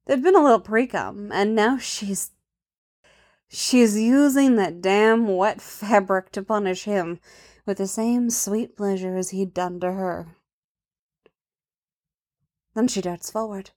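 Soft-voiced woman narrating a story. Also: mid-range voice. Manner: soft, intimate, often dropping to a hush. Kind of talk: reading an adult fan fiction story.

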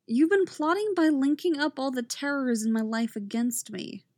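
A woman's voice: high-pitched, lively intonation, normal speed, a little mellow, dry recording, pitched above the performer's own voice. A woman reading a story, voicing a sulky, nervous young man who mumbles complaints.

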